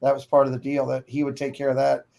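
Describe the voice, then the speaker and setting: A man's voice: mid-range voice, monotone, quick pace, creaky, mellow. A man chatting casually on a live stream, telling a rambling story with hesitations.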